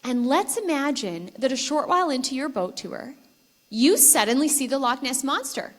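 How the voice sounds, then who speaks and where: High-voiced woman giving a lively conference talk. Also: normal speed. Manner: engaging, asks the audience questions. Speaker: conference speaker. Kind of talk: persuasive talk with storytelling. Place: conference hall with live audience.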